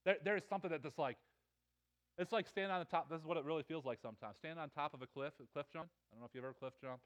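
A man preaching a sermon, animated and often repeating his words, his voice swelling and dropping. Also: fairly high pitch, rapid-fire. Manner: animated, stammering repetitions, voice swells and drops. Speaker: pastor.

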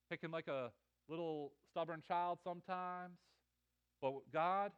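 A man preaching a sermon, animated and often repeating his words, his voice swelling and dropping. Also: on the high side, unhurried, clean tone, dull audio. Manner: animated, stammering repetitions, voice swells and drops. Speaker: pastor.

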